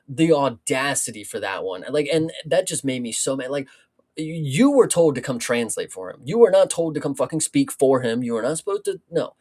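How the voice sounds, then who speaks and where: A man's voice: mid-range voice, very animated, brisk, darkish tone, breathy edge. Male co-host, fired-up and profane, casual fight chat storyteller. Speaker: podcast co-host.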